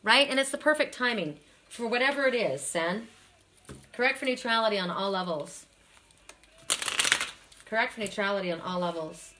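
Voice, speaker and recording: A woman's voice: medium pitch, normal speed, pauses often, background noise. A middle-aged woman doing a live card reading, tired and emotional, chatting with viewers and often repeating herself. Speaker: oracle card reader.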